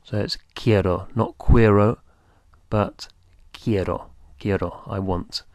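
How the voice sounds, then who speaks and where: Male tutor, unhurried drills and spelling, dry studio sound. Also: on the low side, fairly even intonation, no echo. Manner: patient, repeats and spells words out. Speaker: language teacher. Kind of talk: beginner language lesson.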